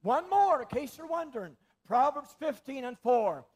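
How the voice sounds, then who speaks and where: A man preaching a sermon in a church, repeating phrases for emphasis and swinging between loud stress and near-whispers. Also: very high voice, sing-song, normal speed, husky.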